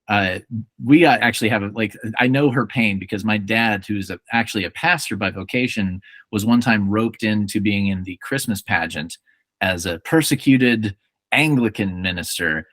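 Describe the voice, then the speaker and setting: A man in his forties, an actor, chatting playfully as a podcast guest and telling animated stories. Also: on the low side, normal speed, dry recording. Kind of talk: casual chat.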